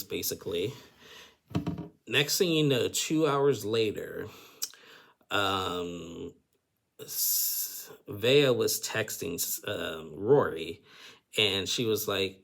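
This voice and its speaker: Man, low gravelly voice, casual rambling commentary, lots of fillers. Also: a bit bright. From United States. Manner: rambling, heavy use of filler phrases. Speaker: reality TV recap vlogger.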